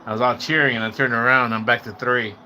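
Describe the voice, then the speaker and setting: A man hosting a casual livestream, chatting and rambling to his viewers, mixing in Spanish words and breaking into excited whoops. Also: medium pitch, fast talker, a little hiss or hum. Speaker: livestream host.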